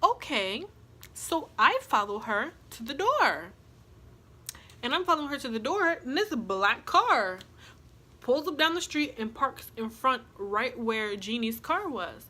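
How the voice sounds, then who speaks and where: A young woman vlogger telling a long story in a casual, animated way and acting out what other people said. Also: on the high side, a little slow.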